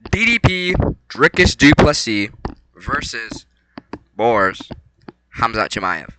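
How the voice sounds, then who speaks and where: A young man rambling casually about a fight night, excitable and slangy, swinging between low mumbles and loud bursts. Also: slow pace, background noise. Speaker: vlogger.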